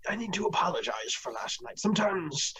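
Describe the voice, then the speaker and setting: A man's voice: sits high, sing-song, fairly quick, pushed and bright, husky, voice pushed up, exaggerated voice. A man putting on an old man's voice for an eager, knowledge-hungry scholar in a tabletop game, speaking in a whispery tone. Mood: earnest.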